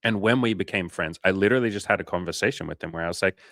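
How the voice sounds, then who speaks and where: A low, gravelly voice fires off words rapidly, captured at studio quality with no room sound. The man is hosting a coaching livestream, casually answering viewers with animated stories, heavy swearing, and dialogue he acts out.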